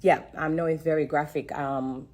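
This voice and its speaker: On a social-media live stream from her phone, a woman with a deep, darkish voice shares an earnest, emotional testimony at normal speed. Her intonation stays fairly even as she repeats herself and holds back tears.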